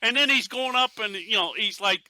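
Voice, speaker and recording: A middle-aged man from Northeastern Pennsylvania, a podcast guest who tells stories in a casual, animated way and acts out quotes. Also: sits high, brisk, no room sound. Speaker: podcast guest, airsoft team leader.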